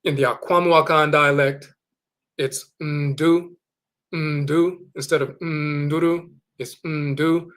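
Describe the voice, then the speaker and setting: Man slowly teaching word meanings. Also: on the high side, steady tone, a bit bright. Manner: slow, deliberate, repeating words for emphasis; carefully sounding out foreign words. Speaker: teacher of Akan spiritual tradition. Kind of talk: explanatory lecture with dictionary readings.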